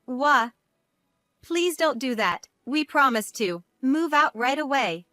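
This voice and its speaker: A self-centered adult brother, read by a woman narrator in a family drama story. The lines come out plain and read-out, in a slightly high voice on a dry, close recording. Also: lively intonation, slow, sharp tone, dry recording, heavily acted. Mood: pleading.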